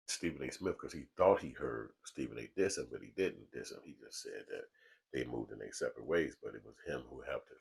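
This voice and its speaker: Man, vlog host, extremely deep, gravelly, husky, calm low mellow tone, laid-back street talk, talking to a small camera in a studio. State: relaxed from smoking. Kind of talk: casual commentary to camera. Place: small studio room, alone. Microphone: small camera mic.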